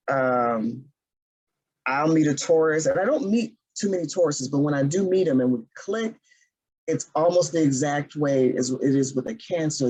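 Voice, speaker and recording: Husky-voiced woman in casual chat. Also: sits low, a little mellow, low-quality recording. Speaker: podcast co-host.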